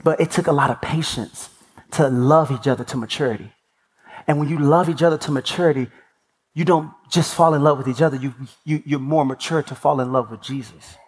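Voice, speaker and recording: Giving a sermon as a guest speaker, a man with a slightly high, husky voice talks a little fast. He tells stories with animation, acts out the voices of the people he quotes, and keeps an emphatic preaching cadence, all with long church hall reverb.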